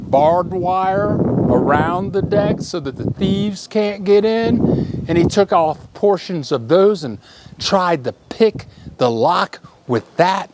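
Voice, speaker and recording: A middle-aged man spins a story for his viewers, taking his time over each line. His voice sits a little high and swings up and down a lot as he acts out the sounds along the way. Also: background noise. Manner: animated, acts out sounds and shouts in his tale. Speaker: vlogger telling a story. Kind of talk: casual storytelling to camera.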